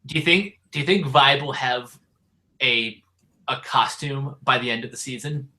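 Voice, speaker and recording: A man's voice: mid-range voice, normal speed, bright, forceful tone. A man co-hosting a casual fan chat, hesitant, with short agreeing replies. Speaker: co-host.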